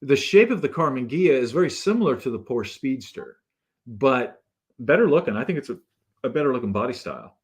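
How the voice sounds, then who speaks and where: A man, a guest on a talk show, telling a story in a relaxed, animated way and acting out the people in it. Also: mid-range voice, a little fast, slightly rough. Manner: animated storyteller who acts out the people in his stories. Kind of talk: casual anecdote telling.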